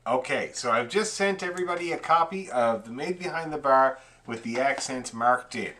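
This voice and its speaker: A male fiddle teacher giving an online lesson, explaining bowing patterns and counting beats aloud in a relaxed, explanatory way. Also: medium pitch, moderate pace.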